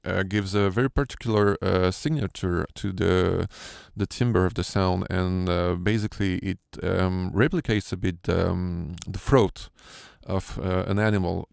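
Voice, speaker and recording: A man's voice: low-pitched, vocal fry, darkish tone, smooth, no room sound. A man with a French accent, a sound designer giving a hesitant, filler-heavy tutorial walkthrough from his home studio. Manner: hesitant, many fillers and restarts.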